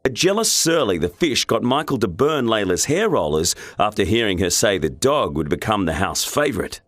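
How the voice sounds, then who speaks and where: A man's voice: lowish voice, very animated, moderate pace, a bit bright, no echo. A man narrating a reality show in a dry, wry scripted delivery. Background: music bed.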